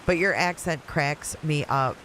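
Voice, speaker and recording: This livestream host, a woman with a Michigan accent, chats casually and works through viewer comments from her Florida home as a hurricane passes. Her deep voice is unhurried and a bit bright, and the recording is rough with slight background noise.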